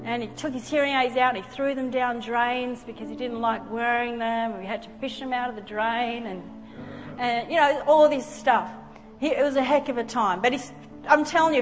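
A woman preacher tells a family story from the pulpit, earnest and emotional. Her voice sits a little high and rings out with a long hall echo. Soft music plays faintly beneath her. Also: normal speed. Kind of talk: sermon with personal storytelling. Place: church sanctuary.

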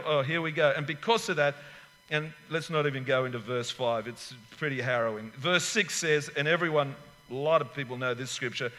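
Bright-voiced pastor in a hall. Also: male voice, medium pitch, a little fast. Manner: emphatic, rambling asides, acts out little scenes. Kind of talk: sermon.

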